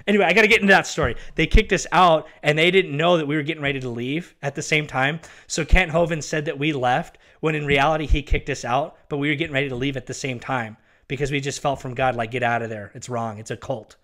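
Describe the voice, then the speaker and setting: A man's voice: on the high side, quick pace, hardly any pauses, fairly bright tone. A man talking casually and with agitation, repeating himself and venting about someone he used to work with. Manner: agitated, emphatic, repeats himself, insults and addresses an absent person directly. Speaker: former ministry worker telling his story. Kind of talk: casual ranting monologue.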